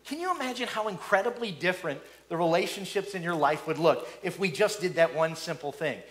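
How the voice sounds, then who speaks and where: A middle-aged male pastor delivering a sermon in a notably high voice. He talks in an animated way, doubles up his words and slips into little acted-out voices for the people he quotes. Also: fairly quick. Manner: animated, repeats words, acts out quoted speakers.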